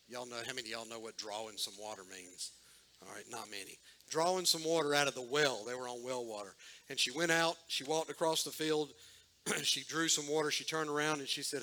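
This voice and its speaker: A man's voice: mid-range voice, moderate pace, sharp tone, poor audio. A man preaching a sermon, telling a story in a folksy way and talking directly to the congregation.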